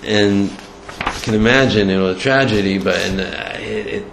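A man giving a storytelling Torah lecture in a halting way, with many restarts and Hebrew and Yiddish terms. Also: fairly low pitch, creaky. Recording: echoey room, faint background noise.

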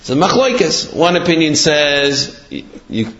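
Halting man giving a Torah talk. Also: a little high, big pitch swings, a bit bright. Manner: halting, with many fillers and restarts. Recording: echoey room, dull lo-fi.

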